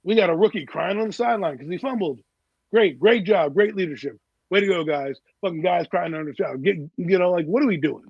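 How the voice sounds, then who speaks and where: A man's voice: sits high, fast, vocal fry, husky, dry recording, lo-fi sound. A man co-hosting a sports podcast, ranting in a heated, profane, exasperated way.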